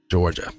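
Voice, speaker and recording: A man with a Boston accent giving a casual, rambling livestream tarot reading, restarting phrases and chuckling. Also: a little mellow. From England.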